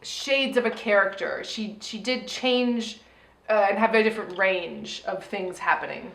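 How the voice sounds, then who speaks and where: A woman co-hosting a casual review podcast, chatty and quick to laugh. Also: mid-range voice, a bit bright, reverberant, rough recording. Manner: chatty, laughs often, acts out quotes. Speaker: podcast co-host reviewing a TV show. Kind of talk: casual chat.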